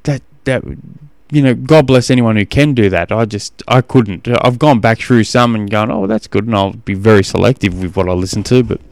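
Chatty Australian man, smooth dry voice. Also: on the low side, moderate pace, darkish tone, no echo. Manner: rambling storytelling with self-corrections and laughs. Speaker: podcast host and coach. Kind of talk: casual chat.

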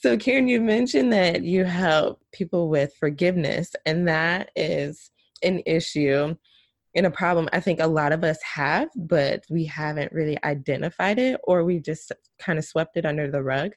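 A woman's voice: low voice, normal speed, dry recording, studio quality. A woman hosting a podcast for moms, asking her guest long framing questions and laughing along. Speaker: podcast host. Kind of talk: interview.

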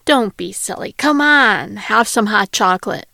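A woman's voice: medium pitch, expressive, measured pace, vocal fry, pushed and bright, no echo, studio quality, full character voice. A woman reading aloud and voicing a hospitable, widowed middle-aged man who welcomes guests into his home. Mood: welcoming. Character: kindly middle-aged male homeowner, a widower.

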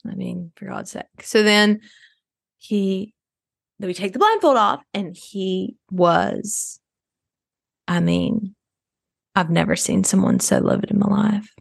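An actress playing a self-absorbed rich suburban adoptive mom in an improvised comedy podcast, rambling and oversharing. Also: female voice, medium pitch, very animated, slow, gravelly, pauses often, dry recording, studio quality, heavily acted. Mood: rambling, chatty.

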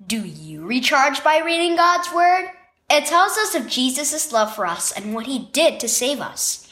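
Bright, lively woman reading a devotional. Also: sits high, a little slow. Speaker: devotional reader. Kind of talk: children's devotional story reading.

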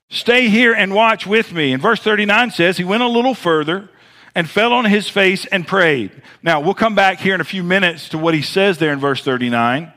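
A Southern American man delivers a sermon from the pulpit, and his voice sits high and bright. He preaches with dramatic pauses, sometimes dropping to a near murmur and then rising again. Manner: preaching with dramatic pauses and wide swings in loudness. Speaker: pastor.

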